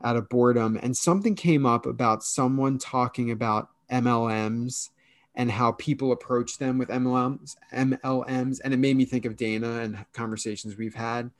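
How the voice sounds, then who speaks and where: A man's voice: medium pitch, fairly even intonation, moderate pace, no room sound. A man co-hosting a podcast in casual chat, rambling and restarting as he searches for words. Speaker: podcast co-host.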